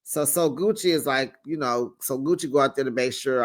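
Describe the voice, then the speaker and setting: A man hosting a casual reality TV recap, telling the story in an animated, sassy way and acting out the quotes. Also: medium pitch, fairly quick. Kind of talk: casual gossip recap commentary.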